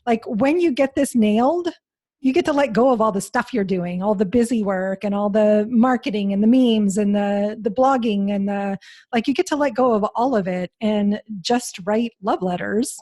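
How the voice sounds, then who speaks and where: A woman's voice: medium pitch, moderate pace. Enthusiastic woman podcast host. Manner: warmly affirming, enthusiastic. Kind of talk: casual interview chat.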